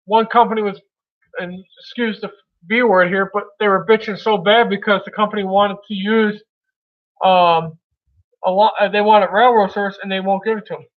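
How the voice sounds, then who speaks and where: A man's voice: sits high, fairly even intonation, normal speed. A man from Milwaukee, Wisconsin, hosting a casual livestream chat, rambling loosely and calling viewers brother. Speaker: livestream host chatting with viewers. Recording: tinny phone-like audio.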